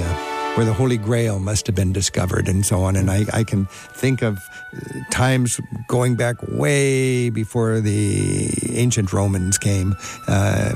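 A man's voice: on the low side, vocal fry, darkish tone. A man hosting a travel radio show, interviewing a guest in an enthusiastic, chatty way with frequent fillers.

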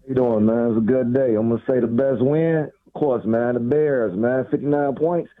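A man calling in to a sports radio show, chatty and relaxed with casual slang. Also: medium pitch, moderate pace. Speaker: caller. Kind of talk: call-in chat. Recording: tinny phone line.

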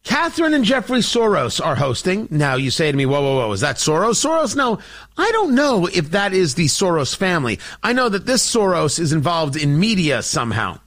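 Male political show host, high-pitched and very animated, sarcastic monologue delivery. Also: normal speed. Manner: sarcastic, theatrical, addresses the audience directly.

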